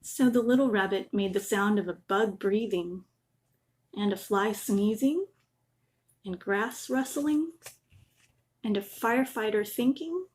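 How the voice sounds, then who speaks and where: A woman gently reading a children's bedtime story aloud, adding little asides. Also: medium pitch, measured pace, pauses often.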